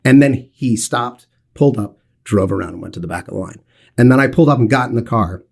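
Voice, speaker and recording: A man in his forties telling a lively anecdote on a podcast, swearing freely and acting out what other people said. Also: mid-range voice, fast, vocal fry, slightly rough. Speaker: podcast co-host telling a story.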